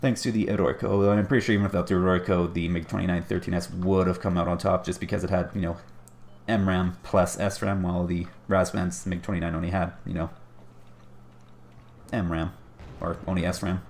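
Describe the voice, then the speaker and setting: Male caster, deep and gravelly, casual wry play-by-play for a strategy game. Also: flat delivery, fairly quick, a little mellow, slight background noise. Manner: chatty, wry, self-deprecating asides.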